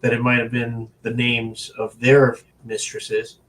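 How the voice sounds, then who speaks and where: Earnest man, halting guest. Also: mid-range voice, monotone, fairly bright tone. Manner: earnest, reflective, halting restarts. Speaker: interview guest. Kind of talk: casual conversational interview.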